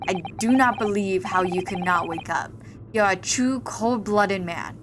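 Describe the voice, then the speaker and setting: A woman voicing a gruff male captor from a mystery game, reading his lines slowly and with menace. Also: medium pitch, slight background noise, natural voice. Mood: taunting. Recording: streamed voice over loud game music.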